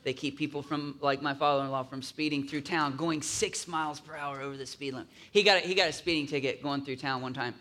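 A man's voice: on the high side, fairly even intonation, quick pace, few pauses, pushed and bright. A man preaching a sermon in a conversational way, often asking his listeners to agree and acting out grumbling voices in asides. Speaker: pastor.

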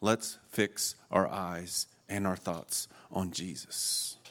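A man's voice: deep voice, fairly even intonation, takes it slowly, fairly bright tone. Earnest, laughing man in his forties preaching. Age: 40s. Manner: earnest and emotional, often breaking into laughter. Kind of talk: sermon.

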